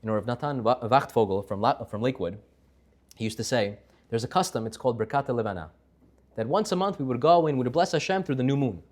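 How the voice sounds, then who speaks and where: A man giving a Torah class, telling a story with lively voices for its characters. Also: medium pitch, fast talker.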